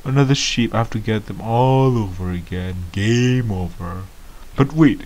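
A man's voice: fairly low pitch, unhurried, a little mellow. A man giving comedic gameplay commentary as a clueless beginner, whiny, easily startled and rambling with lots of ums. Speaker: gamer playing a clueless beginner.

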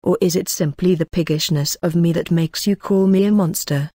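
A woman's voice: lowish voice, steady tone, normal speed, warm tone, husky, dry recording, studio quality. A woman reading the lines of a playful young woman, teasing and pouting, in an audiobook.

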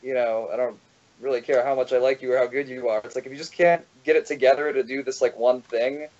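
A man, a drummer being interviewed, speaking haltingly with many fillers in casual chat. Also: medium pitch, steady tone, a little mellow. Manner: halting, full of "like" and "you know". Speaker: drummer, guest. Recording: muffled lo-fi podcast recording.

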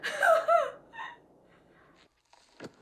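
A woman reacting to a movie for the first time, excitable and slangy, gasping and laughing at what she sees. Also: very high-pitched, drawn-out words, far from the mic, background noise. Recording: echoey room, set back from the mic.

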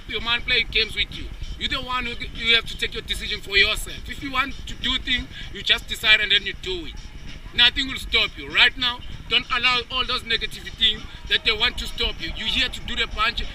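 A man with a very high voice coaches a nervous jumper on an outdoor platform. He repeats calm encouragement, leaning on the word "man," and counts down. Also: poor audio. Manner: encouraging, repetitive, calls him "man". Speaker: bungee jump instructor. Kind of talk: coaching pep talk.

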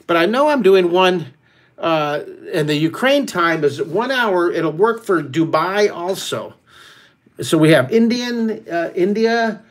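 Playful, excitable man teaching drawing. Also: fairly high pitch. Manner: playful, excitable, chatty, addresses kids directly. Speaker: art teacher hosting a live kids' drawing webcast. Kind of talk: live online drawing lesson. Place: at home, son and cat in the room.

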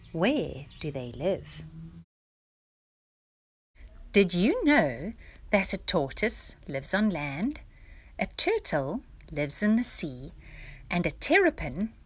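A woman reading a picture-book story aloud to young children, with a lively, expressive delivery. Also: on the low side, husky.

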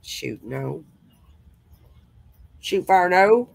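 A woman's voice: low-pitched, expressive, a little slow, no echo. A woman hosting a casual crafting chat, talking as she works and tossing in folksy exclamations. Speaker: host.

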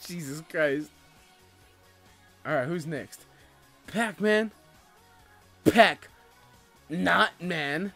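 A young man giving casual gameplay commentary as a let's player, with loud excitable outbursts and a lot of laughing. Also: high-pitched, very slow, gravelly, long pauses, dry recording. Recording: faint game music behind.

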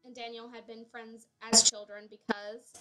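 A woman's voice: a little high, flat delivery, normal speed, bright, forceful tone, soft background music, low-quality recording. A young woman giving casual, rambling commentary on her Sims family, full of fillers and self-corrections. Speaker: Sims player.

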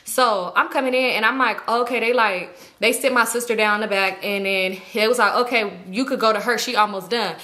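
A young woman telling a story in a casual, animated, profane way, acting out what people said. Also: medium pitch, fairly quick, hardly any pauses. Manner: animated, profane, acts out quoted voices. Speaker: storytime vlogger.

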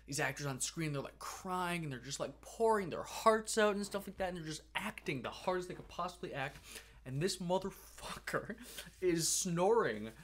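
A young man co-hosting a casual podcast, telling a story with animated, profane energy. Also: sits high, moderate pace. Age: young adult. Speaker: podcast co-host.

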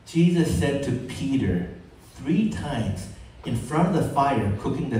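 Brief: male pastor, expressive sermon delivery, mellow tone, heard from a distance in a very echoey church hall. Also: measured pace. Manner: expressive, acts out quotes with pitch jumps. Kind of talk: bilingual sermon with interpreter.

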